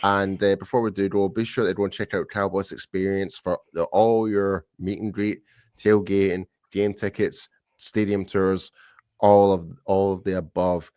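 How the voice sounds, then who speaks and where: Deep-voiced man hosting a casual podcast. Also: flat delivery, moderate pace, darkish tone, clear, resonant tone, no room sound, clean studio sound. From United Kingdom. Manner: rambling, many restarts and fillers. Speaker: podcast co-host. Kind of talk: casual sports podcast chat.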